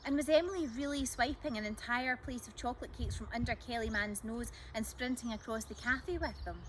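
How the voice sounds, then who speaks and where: A woman storyteller reading a children's chapter book aloud in a lively, expressive way. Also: a little high, brisk, a little hiss or hum.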